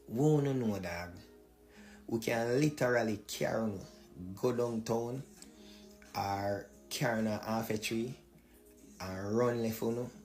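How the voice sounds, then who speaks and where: Low-voiced Jamaican man scolding. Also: darkish tone. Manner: repetitive, mocking and scolding in Patois. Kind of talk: scolding monologue to camera.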